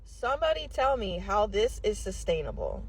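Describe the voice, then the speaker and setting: A woman's voice: medium pitch, very animated, moderate pace, slight background noise, low-quality recording. A woman ranting in an incredulous, demanding tone. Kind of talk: casual rant.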